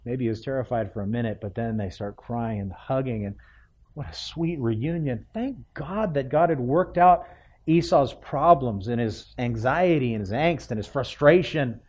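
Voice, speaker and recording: A man's voice: medium pitch, normal speed, slightly rough. A man preaching a sermon, retelling the story expressively and acting out the characters' lines. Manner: expressive, acts out biblical characters' voices.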